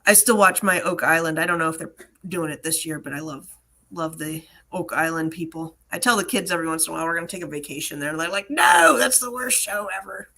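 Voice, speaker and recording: A chatty American woman hosting a live Q&A about online selling. Her voice is bright and forceful, and her talk is animated and full of laughter. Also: deep voice, fast. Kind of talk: casual live Q&A chat.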